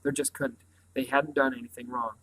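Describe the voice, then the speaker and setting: A man's voice: medium pitch, little pitch movement, moderate pace, a bit bright, lightly acted, rough recording. A man reading aloud, voicing a heartbroken, defiant country boy in a storybook in a subdued, choked-up way. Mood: grieving.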